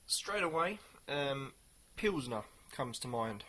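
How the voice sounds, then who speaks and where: Man, casual beer reviewer, rambling and unhurried, mid-range voice. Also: mid-range voice, expressive, bright, forceful tone, a little hiss or hum. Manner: rambling, hesitant, many pauses.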